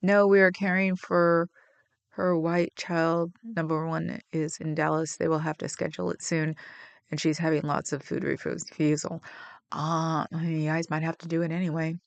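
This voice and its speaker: A woman's voice: low-pitched, level tone, normal speed, vocal fry, no echo. A woman hosting a livestream, chatting casually and rambling with viewers, getting emotional about her pets. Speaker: livestream host.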